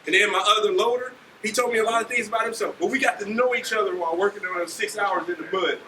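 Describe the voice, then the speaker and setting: Animated man speaking in an echoey hall. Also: high voice, quick pace. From Ohio. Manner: animated, acts out scenes, keeps asking "right?". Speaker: army leader speaking to students. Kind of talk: motivational storytelling speech. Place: school auditorium. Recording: echoey hall from far off, faint noise.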